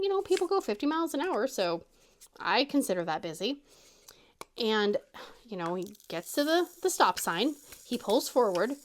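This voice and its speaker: A woman hosting a crafting channel, casually telling a story with laughter and quick voiced-out quotes. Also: mid-range voice, a little hiss or hum. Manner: animated, laughing, quoting others in a raised voice.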